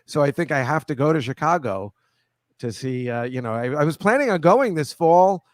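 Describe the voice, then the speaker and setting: A man's voice: fairly high pitch, animated, moderate pace, no echo, clean studio sound. A man hosting a casual comedy show, chatting with a guest in a rambling, self-correcting way. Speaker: host. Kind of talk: casual video-call chat.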